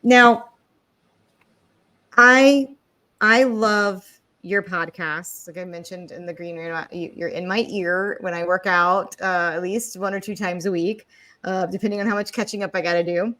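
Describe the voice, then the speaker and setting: A woman's voice: fairly low pitch, steady tone, a little slow, bright, forceful tone. A woman hosting a podcast interview, talking in a chatty, enthusiastic way. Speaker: podcast host. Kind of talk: conversational interview.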